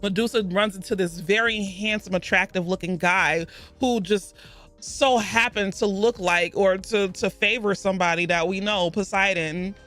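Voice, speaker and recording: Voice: medium pitch, steady tone, normal speed, a bit bright, faint music behind. A video host giving a rambling, casual recap of a book, with asides and self-corrections.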